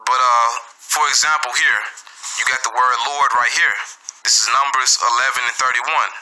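A man giving a casual scripture lesson on video, halting and repeating words, often adding "man" and "okay". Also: mid-range voice, steady tone, sharp tone, low-quality recording. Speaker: Bible teacher.

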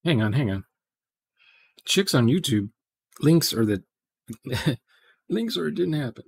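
A man's voice: mid-range voice, big pitch swings, measured pace, creaky, husky. Rambling man on a live stream. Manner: rambling, digressive, thinks aloud with restarts. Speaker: live-stream programmer chatting with viewers. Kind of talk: casual live-stream chat.

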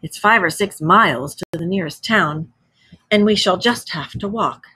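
A woman's voice: lowish voice, normal speed, sharp tone, slightly rough, exaggerated voice. A woman reading aloud, voicing a stern and practical male rat who speaks firmly and sharply. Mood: exasperated. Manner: firm, exasperated.

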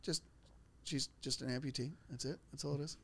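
A man's voice: medium pitch, fairly even intonation, a little fast, gravelly, a bit bright, husky. A man on a comedy podcast as a guest, casual and self-deprecating while telling silly jokes. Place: podcast studio.

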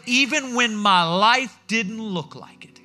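A man preaching a sermon as pastor in a church, telling stories in a lively way and acting out what people said. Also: high-pitched, slow, soft background music. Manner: animated storytelling, acting out quotes.

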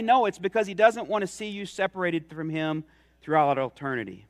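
A man's voice: sits high, lively intonation, a little fast. A middle-aged man preaching a sermon in a church, telling stories with rising emphasis. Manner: earnest, storytelling with rising emphasis. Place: church sanctuary.

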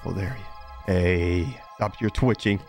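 A man commentating a horror game, jumpy, yelping and shouting when startled. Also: low-pitched, unhurried, soft background music. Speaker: gaming YouTuber.

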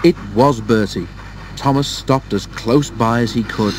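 A man reads a children's storybook aloud with steady, measured pacing at a middling pitch. A faint background noise runs beneath his voice. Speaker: narrator. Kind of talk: storybook reading.

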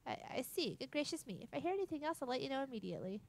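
A woman's voice: sits high, big pitch swings, rapid-fire, creaky, pitched above the performer's own voice, heavily acted. A woman voicing a polite, fussy male train conductor. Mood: courteous. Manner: courteous, fussy.

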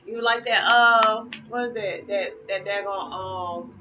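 A tired middle-aged woman chatting casually to her viewers, colloquial and quick to laugh. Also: medium pitch, over music. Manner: chatty, laughs often, colloquial Southern-leaning speech. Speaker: spiritual vlogger. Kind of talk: casual chat to camera. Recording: muffled with noticeable background hiss.

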